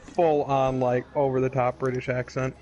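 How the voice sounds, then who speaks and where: A man's voice: medium pitch, little pitch movement, moderate pace, darkish tone, lo-fi sound. A young man, likely the game master, chatting casually and jokingly with fellow tabletop players, full of fillers.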